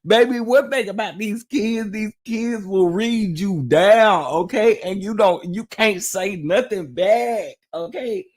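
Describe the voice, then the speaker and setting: A man's voice: sits high, slow pace, few pauses. A man hosting a casual gossip chat, telling stories to his viewers with lots of laughing and exclaiming. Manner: animated storytelling, laughing and exclaiming. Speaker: host of a gossip chat show.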